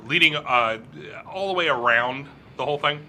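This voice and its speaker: A man running a tabletop game as game master, his voice very bright and clear. He narrates scenes slowly and loosely, stopping often on fillers. A faint hiss sits under his voice. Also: mid-range voice. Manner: relaxed, halting narration with many fillers.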